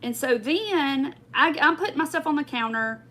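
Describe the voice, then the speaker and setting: A woman with a drawl tells a long story on her crafting livestream, rambling and emphatic as she talks straight to her viewers. Her voice sits a touch high and rings bright. She keeps working on her craft as she talks. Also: expressive, normal speed. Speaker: crafting channel host.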